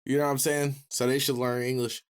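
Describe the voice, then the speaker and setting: A man's voice: medium pitch, little pitch movement, fast, smooth. Slangy man talking to his chat. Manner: slangy, joking asides to chat. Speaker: streamer reacting to a podcast. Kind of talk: casual livestream chat.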